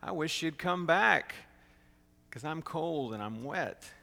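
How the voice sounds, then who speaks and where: Man voicing a gentle faithful elephant, storybook, earnest and steady, gravelly, long hall reverb. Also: a little high, slow pace, pitched above the performer's own voice, heavily acted. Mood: grumbling. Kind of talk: storybook read-aloud.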